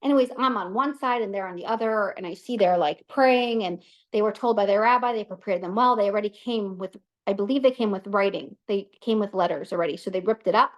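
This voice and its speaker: A woman in her thirties, hosting an online class and telling a personal story in a lively, chatty way full of asides. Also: medium pitch, fairly quick, few pauses. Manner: animated, chatty, many fillers and asides. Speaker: class host.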